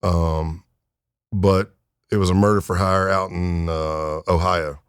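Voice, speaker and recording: A man's voice: deep voice, steady tone, slow pace, smooth, no echo, studio quality. A man in his fifties, a retired undercover agent, telling stories in a laid-back, wry way as a podcast guest. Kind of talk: anecdotal storytelling in a podcast interview.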